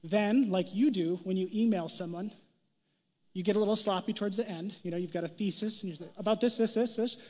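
A young adult male pastor gives a sermon in a light, conversational style, his fairly high voice brisk and mellow. He gives short quoted lines their own voices, and a long reverb carries his words through a large hall.

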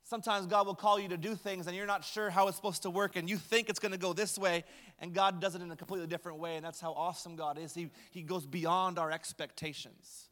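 High-voiced male pastor in a reverberant hall. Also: fairly even intonation, fast talker, a bit bright. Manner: conversational storytelling with light humor. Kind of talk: sermon.

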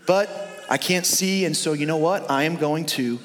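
A man's voice: a little high, moderate pace, long reverb tail, soft background music, close to an everyday voice. A preacher voicing a suspicious, blind aging father who keeps pressing with questions in a casual modern way. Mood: doubtful.

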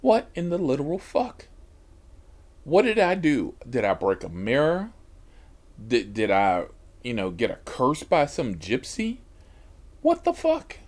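A man's voice: medium pitch, sing-song, a little slow. A man hosting a podcast, telling a story from his rideshare driving in an exasperated, heavily profane way. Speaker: podcast host and rideshare driver.

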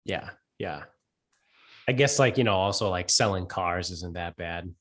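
A low, husky male voice in easygoing conversation. He mostly agrees and laughs along, with a relaxed, unhurried manner. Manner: laid-back, agreeable, quick to laugh. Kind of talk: casual chat.

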